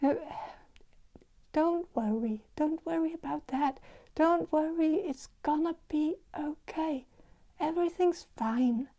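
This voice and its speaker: A woman putting on the soft, whispered voice of a gentle, reassuring older woman, in a whispered role-play. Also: sits high, racing, hardly any pauses. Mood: soothing.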